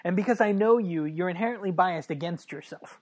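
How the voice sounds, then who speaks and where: Casting: woman, low voice, dry wit, halting podcast banter. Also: a little mellow. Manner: laughing, dry quips, halting with fillers. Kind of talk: casual chat.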